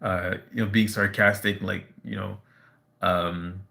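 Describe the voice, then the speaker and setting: A man on a casual live stream, telling a personal story in a halting way, full of fillers and restarts. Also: lowish voice, level tone, creaky, pushed and bright.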